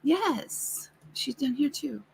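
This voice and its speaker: A woman's voice: high voice, animated, takes it slowly, vocal fry, rough recording. A middle-aged woman co-hosting a casual livestream, teasing and laughing often. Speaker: co-host.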